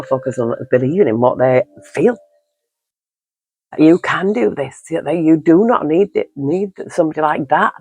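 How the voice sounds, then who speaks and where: A man's voice: mid-range voice, low-quality recording. A man giving an earnest, encouraging tarot card reading, rambling and repeating himself often. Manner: rambling and repetitive, leaning on "you know". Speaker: tarot reader.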